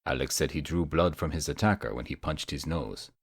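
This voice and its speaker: Calm male mage, measured and direct, very low voice, read by a male narrator. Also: husky, no room sound, studio quality, exaggerated voice. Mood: serious.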